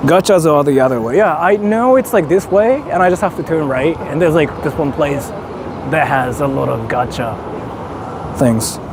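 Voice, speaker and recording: A young man from Japan chatting casually on a livestream as he walks through city streets. He is excitable, swears a lot and bursts into shouts. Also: a little high, normal speed. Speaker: streamer. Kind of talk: casual livestream chat while walking. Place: busy city street outdoors. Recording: street noise behind.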